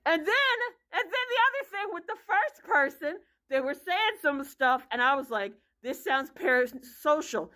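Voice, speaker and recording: High-voiced woman ranting bluntly. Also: sing-song, unhurried, hardly any pauses, bright, forceful tone. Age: 30s. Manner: blunt, profane, exasperated storytelling. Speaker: vlogger. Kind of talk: casual vlog rant.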